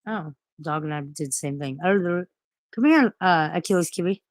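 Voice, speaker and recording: A woman's voice: lowish voice, expressive, a little slow, rough recording. A woman vlogger in casual, rambling chat who swears freely and coos at her pets in baby talk.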